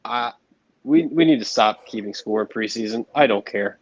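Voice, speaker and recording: A man's voice: medium pitch, moderate pace, dry recording, highs cut off. A man on a sports podcast over a video call, ranting bluntly and swearing casually. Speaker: podcast panelist.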